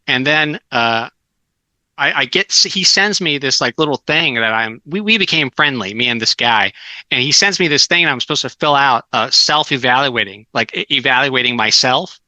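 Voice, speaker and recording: A man's voice: medium pitch, lively intonation, normal speed, sharp tone, dry recording, rough recording. A middle-aged man telling casual stories as a guest, with many restarts and fillers. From Southern California. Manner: rambling anecdotes with many restarts. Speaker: guest author. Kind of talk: casual storytelling.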